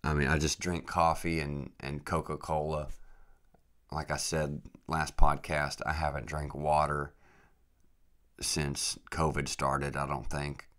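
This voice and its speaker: A man with an extremely deep voice hosts a podcast. He tells a travel story in a loose, rambling chat, dropping "dude" and "freaking" all the time. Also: level tone, slow, a bit bright. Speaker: podcast host.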